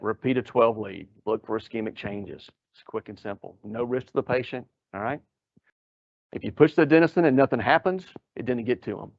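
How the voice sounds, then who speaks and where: A man's voice: medium pitch, no echo. Man, ER doc teaching a room of medics, quizzes and wisecracks, dry muffled recording. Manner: joking, quizzing the audience. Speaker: emergency physician lecturer. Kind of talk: live lecture to EMS providers. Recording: dull lo-fi lecture audio.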